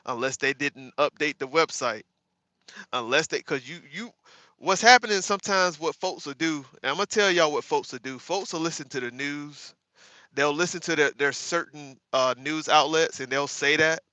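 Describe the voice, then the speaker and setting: A man hosting a casual livestream, chatting with viewers by name, sarcastic and animated, calling his audience y'all. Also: on the high side, dry recording. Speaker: livestream host. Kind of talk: casual live chat reading viewer comments.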